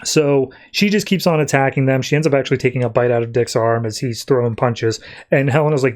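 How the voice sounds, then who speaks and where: A man's voice: medium pitch, a little fast, hardly any pauses. Casual rambling comic podcast host, male. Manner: loose, rambling storytelling with many fillers. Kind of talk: casual comic-book recap.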